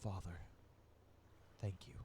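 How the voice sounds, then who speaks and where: A man's voice: slow pace, noisy background, close to an everyday voice. A man voicing an earnest young man who has come home, speaking in a heartfelt, apologetic, pleading way.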